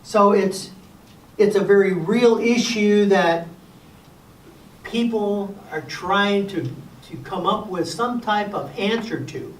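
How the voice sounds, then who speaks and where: A man's voice: high-pitched, slow pace, far from the mic. Older man giving a folksy class talk. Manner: folksy, wry asides and gentle humor. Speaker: Sabbath school presenter. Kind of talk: casual lecture to a class. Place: church classroom. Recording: echoey room recorded from afar.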